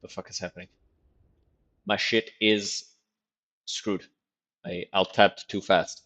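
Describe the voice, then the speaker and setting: A man giving loose, profane commentary while streaming a video game, thinking out loud as he plays. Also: deep voice, little pitch movement, takes it slowly. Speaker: gaming streamer. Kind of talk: casual gameplay commentary.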